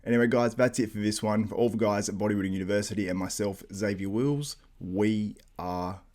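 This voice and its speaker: A man's voice: fairly low pitch, a little fast, darkish tone. Man hosting a podcast, plugging channels. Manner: promotional, upbeat, rattles off plugs. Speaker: podcast host. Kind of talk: casual chat and show outro.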